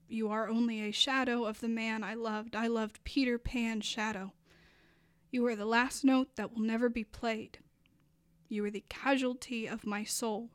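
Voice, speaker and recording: A young adult woman performing a spoken word poem, her delivery moving between hushed passages and impassioned, rising lines. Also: fairly high pitch, little pitch movement, unhurried, smooth, no room sound, studio quality. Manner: dramatic, building from hushed to impassioned.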